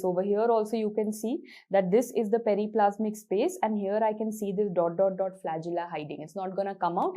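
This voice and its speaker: Young Indian woman, medical tutor, mid-pitched, mellow voice, Hindi-English mix. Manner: explanatory, repeats points, mixes in Hindi words. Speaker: medical lecturer. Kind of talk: lecture with mnemonics.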